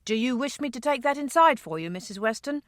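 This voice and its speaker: A woman's voice: fairly high pitch, animated, fast talker, no echo, clean studio sound, voice pushed up, natural voice. A woman reading the part of a loyal, concerned carriage driver in an audiobook, earnest and respectful.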